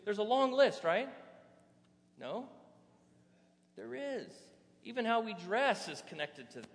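Animated male pastor preaching in a hall. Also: on the high side, unhurried, long pauses. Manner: animated preaching, rhetorical questions to the audience. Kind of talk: sermon. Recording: reverberant hall.

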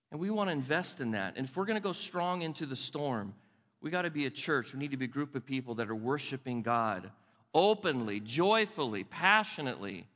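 Older man, pastor, sermon; bright, forceful delivery with chatty restarts; big reverberant church hall. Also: high-pitched. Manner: conversational, restarts words, dips soft and slow for emphasis. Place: church sanctuary.

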